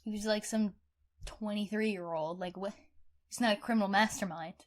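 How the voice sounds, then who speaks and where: A woman co-hosting a true-crime podcast in casual chat, animated and outspoken, swearing freely. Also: mid-range voice, moderate pace. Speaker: podcast co-host.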